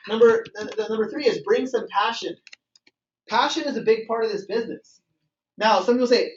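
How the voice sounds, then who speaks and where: A man leads a motivational sales training, lively and acting out little phone dialogues. His voice sits high, and it comes from across a reverberant meeting room on a dull, muffled recording. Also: a little fast, a little hiss or hum. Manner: energetic, acts out phone calls and dialogues. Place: meeting room with a live group. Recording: echoey room, far from mic, dull sound.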